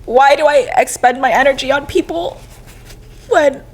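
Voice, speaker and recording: A woman's voice: high-pitched, moderate pace. Tearful young woman podcast host. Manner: tearful, emotional, laughing through tears. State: crying. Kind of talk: casual heartfelt chat.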